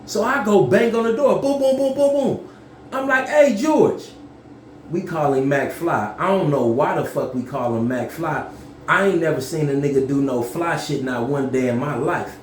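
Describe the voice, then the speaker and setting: A man telling a story casually to camera, profane and animated, yelling when he acts things out. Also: medium pitch, reverberant, a little hiss or hum.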